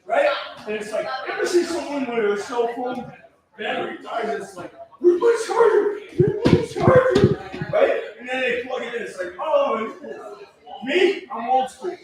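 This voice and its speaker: Rowdy high-voiced man doing stand-up. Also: expressive, moderate pace. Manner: loud, rowdy, laughing at own jokes. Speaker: stand-up comedian. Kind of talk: open mic stand-up set. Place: comedy club stage. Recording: echoey room from far off, audience noise.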